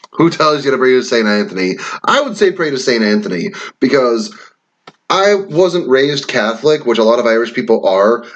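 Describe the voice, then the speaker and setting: A vlogger from Wisconsin, USA, chats his way through online quiz questions, reading them aloud, riffing, and cursing occasionally. His mid-range voice has a fairly bright tone, captured on a muffled recording.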